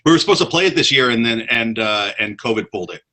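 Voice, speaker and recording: A man's voice: medium pitch, expressive, fast talker, pushed and bright. A man talking casually with other musicians about touring, often repeating and restarting words and breaking into laughs. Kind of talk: casual podcast chat.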